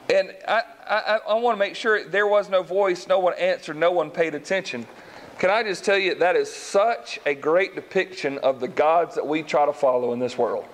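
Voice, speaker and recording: A man preaches from scripture in a high, lively voice. He reads the passage, then breaks off to explain it and acts out its characters. He keeps turning to his listeners with questions. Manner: animated, acts out voices in the story, asks the congregation questions. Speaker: pastor. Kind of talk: sermon reading and explaining scripture.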